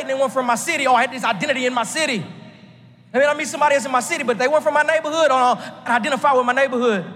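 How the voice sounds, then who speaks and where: A man from Texas, preaching a lively sermon from the pulpit with jokes and rising shouts. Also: very high-pitched, big-room sound. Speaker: pastor.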